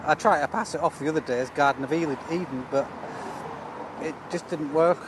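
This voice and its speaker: A man's voice: on the high side, moderate pace, background noise. A man vlogging outdoors by a river while cycling, joking and reading out viewers' comments in a chatty way. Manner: jokey, chatty, reads viewer comments aloud. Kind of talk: live-stream chat while cycling.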